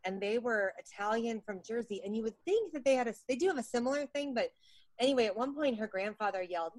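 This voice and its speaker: A middle-aged woman spins funny, self-mocking stories as a podcast guest. Her voice sits a little high and swoops widely as she acts out every quote. The sound is dry and close. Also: expressive, fast talker, no room sound. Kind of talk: casual storytelling chat.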